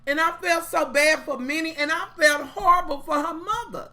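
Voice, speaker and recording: Profane, opinionated woman with a bright voice. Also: high voice, moderate pace. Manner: profane, blunt, talks straight to viewers; animated, opinionated. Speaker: TV show reviewer. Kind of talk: casual chatty review.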